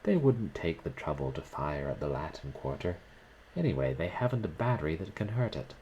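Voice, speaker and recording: A man's voice: low-pitched, sing-song, moderate pace, darkish tone, a little hiss or hum, low-quality recording. A man reading aloud and voicing a young painter who speaks with forced cheer and unconcern. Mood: cheerful.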